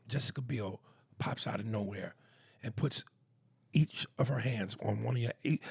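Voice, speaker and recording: A man with a New York accent co-hosting a comedy podcast, talking in profane, animated banter and reading listener messages aloud. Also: medium pitch, creaky, breathy edge. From East Coast of the US. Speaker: podcast co-host.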